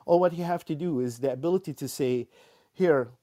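Mellow-voiced man explaining data systems. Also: a little high, fast. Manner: explanatory, many fillers and restarts. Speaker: panelist. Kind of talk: conversational tech panel discussion.

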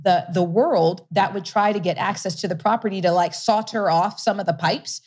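The voice is a middle-aged woman's: medium pitch, steady, at normal speed, with a darkish tone. An interviewed whiskey company founder and investor, she shares her story with energy, laughing frequently and restarting sentences.

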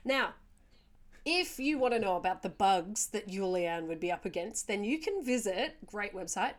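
A woman's voice: medium pitch, animated, moderate pace. A woman hosting a casual storytelling podcast, chatting through the tale with joking asides and easy laughter.

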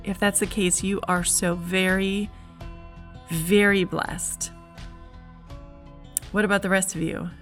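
A woman's voice: mid-range voice, flat delivery, takes it slowly, pauses often, fairly bright tone, soft background music. A middle-aged woman giving a heartfelt, earnest devotional message as a Christian speaker.

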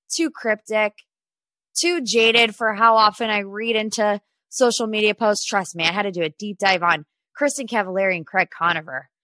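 A woman's voice: medium pitch, a bit bright, dry recording. A woman in her twenties hosting a pop culture podcast, chatty and opinionated as she talks through celebrity news. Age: 20s. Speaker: podcast host. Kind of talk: casual pop culture chat.

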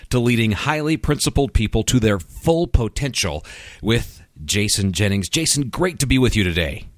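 A man's voice: lowish voice, expressive, moderate pace, dry recording. A man hosting a podcast, talking in a friendly, complimentary way with his guest. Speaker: podcast host. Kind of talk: casual interview chat.

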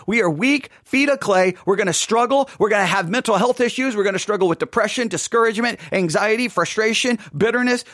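Man preacher, high voice, dry close sound, earnest retelling of his sermon with restarts. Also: a bit bright, dry recording. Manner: earnest, emphatic, with frequent restarts. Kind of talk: recounting a funeral sermon.

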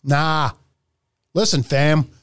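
A man's voice: fairly high pitch, fairly even intonation, very slow, fairly bright tone, smooth. A man hosting a podcast, ranting profanely through heated political commentary. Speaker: podcast host.

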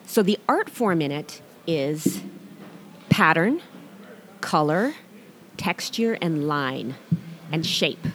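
A middle-aged woman, a guest artist, telling her story in a relaxed interview, animated and acting out quotes. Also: low-pitched, slow, long pauses.

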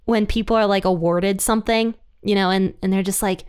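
A woman's voice: medium pitch, fairly even intonation, brisk, a little mellow, clear, resonant tone. A woman hosting a Bible study, explaining scripture in a chatty way with light laughs between points. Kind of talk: casual Bible teaching.

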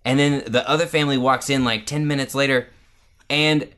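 A man in casual conversation about a movie, animated and arguing his point, acting out quotes as he goes. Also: mid-range voice, brisk, smooth.

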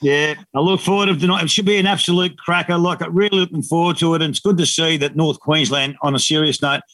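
Aussie bloke, 50s, animated storyteller, bit high-pitched, dead dry mic. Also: male voice, quick pace, no echo. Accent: Australian. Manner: animated storyteller, slangy and laughing. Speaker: guest. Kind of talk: casual radio chat.

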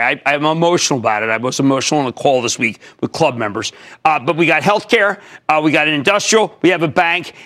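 An older man hosting a finance call-in show, excitable and emphatic in rapid-fire bursts. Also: on the high side. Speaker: TV stock market show host.

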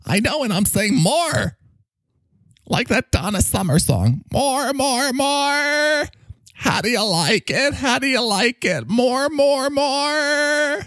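A man voicing a cocky, needy male talking microphone that swoops in pitch and bursts into shouts. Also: big pitch swings, measured pace, husky, no room sound, clean studio sound, full character voice. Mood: gushing. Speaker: podcast co-host character. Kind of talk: improvised comedy bit.

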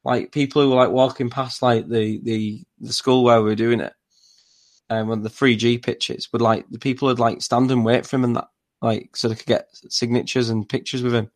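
A man's voice: medium pitch, level tone, moderate pace. A man co-hosting a podcast, telling casual stories in a rambling way with many fillers. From not from Newcastle. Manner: rambling, filler-heavy storytelling. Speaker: podcast co-host. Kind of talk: casual chat.

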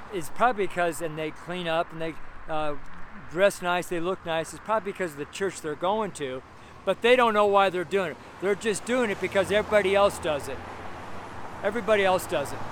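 High-voiced man preaching on a noisy street. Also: normal speed, a bit bright. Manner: rambling, earnest exhortation with repeated phrases. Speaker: street minister. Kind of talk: street sermon. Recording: noisy outdoor street recording with cars. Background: passing cars and urban street noise.

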